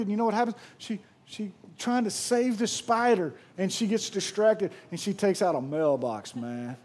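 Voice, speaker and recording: High-voiced pastor preaching. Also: male voice. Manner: lively storytelling with repeated restarts. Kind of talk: sermon.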